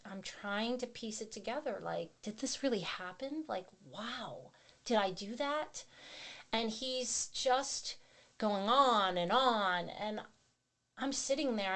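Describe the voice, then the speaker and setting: Animated woman telling her testimony. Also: mid-range voice. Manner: vivid storyteller, acts out her own past words. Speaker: podcast guest. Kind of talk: personal testimony.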